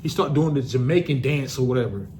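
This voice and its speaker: A man's voice: mid-range voice, fast talker, warm tone, a little hiss or hum. A young man casually telling a personal story to the camera, loose and profane, with lots of restarts.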